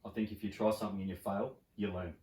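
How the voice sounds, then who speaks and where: A middle-aged Australian man tells stories on a podcast at a quick clip, in a fairly low voice. He is animated and swears freely as he chats. The sound is roomy and a little distant from the mic. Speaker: podcast guest. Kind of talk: casual storytelling chat.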